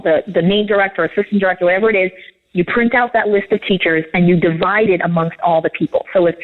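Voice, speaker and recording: A woman, a leadership coach, giving interview answers and telling stories with acted-out dialogue. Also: medium pitch. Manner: animated storytelling, acts out quoted dialogue. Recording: tinny phone-like line.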